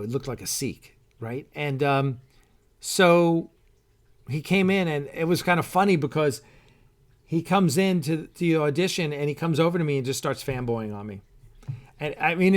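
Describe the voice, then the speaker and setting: A middle-aged man hosts a casual live stream, chatting loosely and reading out viewer comments. He rambles, piling up fillers and false starts, and pauses now and then to sip his coffee. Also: fairly high pitch. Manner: rambling, with many fillers and restarts. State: sipping coffee while talking. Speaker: show host and producer.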